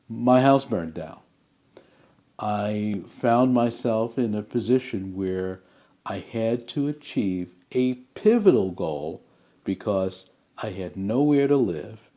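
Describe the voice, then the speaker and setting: Casting note: male motivational speaker, low, warm voice, unhurried and emphatic. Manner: measured, emphatic, with deliberate pauses. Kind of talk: motivational talk to camera.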